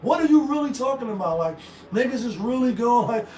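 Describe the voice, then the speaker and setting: A man hosting a casual commentary show, talking in an animated, profane way and acting out the voices he quotes. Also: very high voice, moderate pace, a little hiss or hum. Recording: echoey room, voice a bit far from mic.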